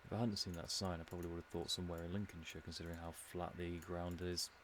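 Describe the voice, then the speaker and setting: Deep-voiced English man musing aloud. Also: little pitch movement, fast talker, a little hiss or hum. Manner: musing, rambling, dry humour. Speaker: streamer. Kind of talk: casual commentary while playing.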